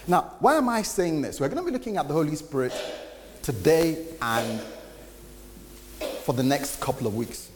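Man, pastor, conversational sermon, slightly high voice, long hall reverb, faint background noise. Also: sing-song, normal speed. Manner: conversational preaching with acted-out quotes.

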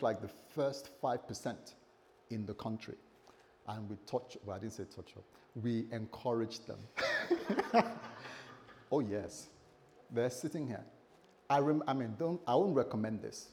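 A middle-aged male pastor preaching to his congregation, telling a personal story with lively, self-mocking humor. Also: medium pitch. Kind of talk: sermon. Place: church, speaking to a congregation.

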